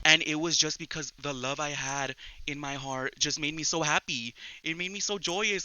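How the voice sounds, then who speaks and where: A young man hosting a casual solo chat podcast, rambling excitably and often restarting his sentences. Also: on the high side, normal speed, clear, resonant tone, no room sound, poor audio. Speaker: podcast host.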